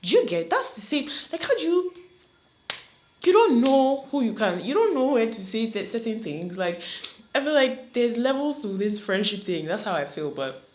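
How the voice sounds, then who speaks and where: A young woman with a Nigerian accent giving chatty, animated commentary to her vlog audience and slipping into Nigerian Pidgin. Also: on the high side, moderate pace, a little hiss or hum. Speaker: vlogger. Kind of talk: casual commentary to camera. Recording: roomy echo.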